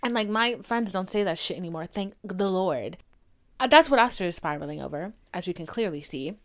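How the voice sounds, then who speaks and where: A woman's voice: on the low side, a little fast. A young woman hosting a podcast, telling a rambling, profane story about her dating life and acting out the voices of people in it. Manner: profane, dramatic, quotes others in animated put-on voices. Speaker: podcast host. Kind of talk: casual storytelling rant.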